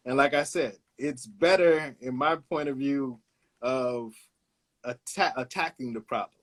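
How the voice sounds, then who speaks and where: A relaxed man in his fifties from Brooklyn talks through old stories as an interview guest. He takes his time and drops in plenty of "uh"s, and his voice sits at an ordinary middle pitch. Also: measured pace. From Brooklyn, New York. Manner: laid-back, anecdotal, hesitates with "uh", laughs along. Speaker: guest, illustrator. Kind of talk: casual storytelling interview.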